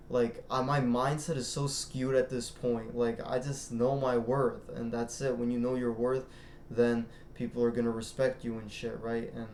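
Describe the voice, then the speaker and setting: A man's voice: mid-range voice, a little mellow, echoey room, slight background noise. A man ranting casually as a vlogger, rambling and boastful, swearing constantly. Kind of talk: casual rant to camera.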